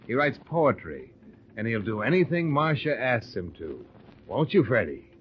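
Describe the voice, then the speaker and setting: A man's voice: medium pitch, big pitch swings, normal speed. A man playing a hard-boiled detective who also narrates, wry and clipped, in 1940s radio acting. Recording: dull noisy old radio recording.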